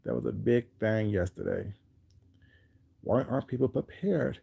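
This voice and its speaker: A man's voice: medium pitch, moderate pace, creaky, long pauses, mellow, husky. A man hosting a livestream, chatting casually with his viewers in a rambling, repetitive way, often asking whether they know what he's saying. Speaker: livestream host.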